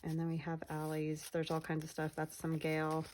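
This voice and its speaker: A woman's voice: deep voice, completely flat delivery, normal speed, darkish tone, slight background noise, poor audio. A woman narrating a casual craft journal flip-through, chatty and meandering, often trailing off mid-sentence. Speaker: craft vlogger.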